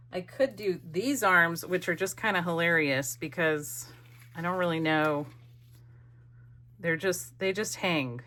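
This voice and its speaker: A middle-aged woman hosts a craft video, her voice sitting on the low side with a sharp tone. She chats playfully while she works, teasing herself in a casual, self-mocking crafting narration.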